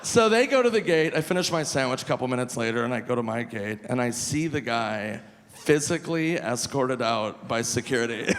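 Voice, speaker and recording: A male stand-up comedian performing live on stage, animated and shouting his punchlines high. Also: fairly quick, a little hiss or hum. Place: large live comedy venue. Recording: live hall with long reverb, faint crowd ambience.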